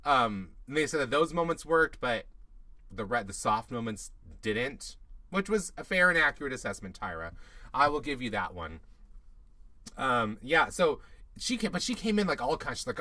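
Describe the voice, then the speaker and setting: A man co-hosting a casual recap show, chatty and snarky, breaking into quick mocking asides. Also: medium pitch, very animated, sharp tone, no room sound. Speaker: podcast co-host.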